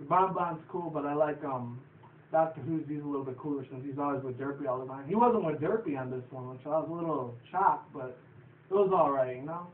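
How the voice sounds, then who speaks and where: A man's voice: a little high, a little fast, a little hiss or hum. Rambling, profane man on a tinny line. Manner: rambling, profane, laughs often. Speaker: show reviewer. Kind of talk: casual episode recap. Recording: tinny distant phone-like audio in an echoey room.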